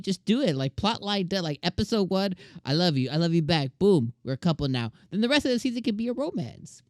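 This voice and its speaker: A man's voice: fairly high pitch, dry recording, studio quality. Chatty young man reviewing anime. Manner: animated, chatty, full of fillers and slang. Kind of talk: casual solo review.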